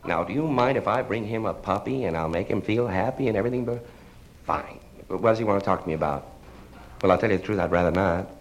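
A man's voice: on the low side, quick pace, slight background noise. A man performing a one-sided telephone comedy monologue, polite and flustered, stammering and restarting as he talks to people who are never heard. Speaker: stand-up comedian.

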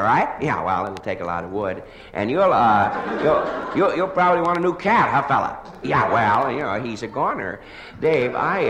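A hungover man stammering through a one-sided comic phone call, sheepish and apologetic, full of hesitant restarts. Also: mid-range voice. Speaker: comedian. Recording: live recording in a large echoing hall with ambient noise.

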